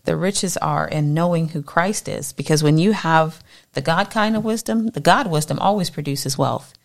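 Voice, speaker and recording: A woman leading a morning Bible study, teaching with animated energy and acting out voices in her quotes. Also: deep voice, moderate pace, gravelly.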